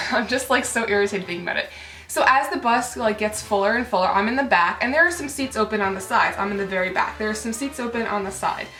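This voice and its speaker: A woman's voice: medium pitch, quick pace, sharp tone. A woman vlogger telling an angry storytime rant, full of fillers and swearing. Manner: indignant, filler-heavy, swearing. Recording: roomy echo with faint music.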